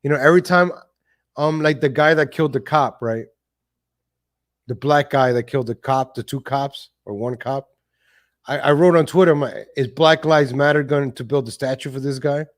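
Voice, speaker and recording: Blunt, laughing livestream host man. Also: mid-range voice. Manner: blunt, cursing, quick to laugh. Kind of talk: casual political commentary.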